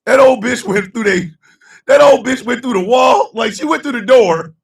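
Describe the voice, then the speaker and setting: A man chatting loosely with his livestream chat, telling a story loudly and profanely and often breaking into laughter. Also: very high-pitched, normal speed, vocal fry, distant mic.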